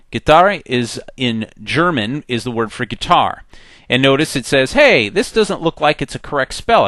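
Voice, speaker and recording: Lively chatty man teaching software. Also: mid-range voice, no echo. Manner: chatty, acts out the program's messages in voices. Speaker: software instructor. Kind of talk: screen-recorded software tutorial.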